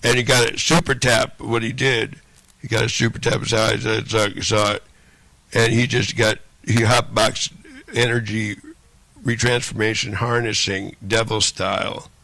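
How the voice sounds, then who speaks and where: A man's voice: fairly low pitch, level tone, unhurried, creaky, pushed and bright. A man delivering a rambling, profane monologue, looping back and repeating phrases over and over. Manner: profane, repetitive, rambling rant.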